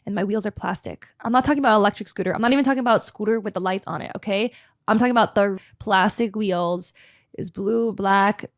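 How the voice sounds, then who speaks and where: A woman's voice: medium pitch, fast, dry recording, studio quality. A young woman hosting a podcast. She tells a story in a casual, chatty way and fills her speech with "like.". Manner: chatty, animated, full of "like" fillers. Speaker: podcast host.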